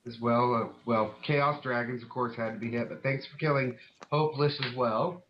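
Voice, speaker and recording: A man of middle pitch trades sarcastic remarks in a casual podcast chat. The sound is dull and lo-fi, with a faint hiss behind him. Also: steady tone, moderate pace. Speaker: podcast co-host. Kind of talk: casual card-game chat.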